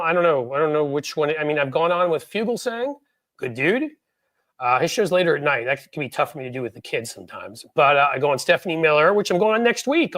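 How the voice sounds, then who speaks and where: Live-stream host, a man from New York City, middle-aged, rambling and self-mocking, fairly high voice, dry close mic. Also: fairly bright tone, dry recording. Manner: joking, rambling, self-deprecating. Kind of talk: casual live-stream chat.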